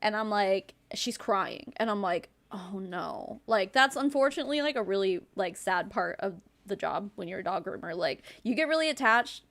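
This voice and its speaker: A woman host giving casual commentary and telling stories, sarcastic and animated, swearing freely. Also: medium pitch, normal speed, hardly any pauses.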